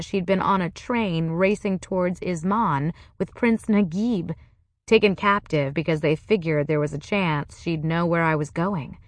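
A woman narrating a first-person novel in a measured, wry way. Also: fairly low pitch, dry recording. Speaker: audiobook narrator.

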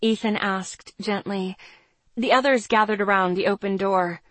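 A woman reading a first-person audiobook in a steady, plain storytelling manner. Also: medium pitch, normal speed, dry recording. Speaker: audiobook narrator.

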